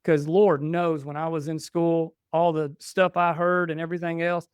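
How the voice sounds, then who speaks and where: Smooth-voiced man telling family stories. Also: fairly high pitch, normal speed, dry recording, studio quality. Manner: animated, acts out dialogue in stories. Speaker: podcast guest. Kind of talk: casual storytelling chat.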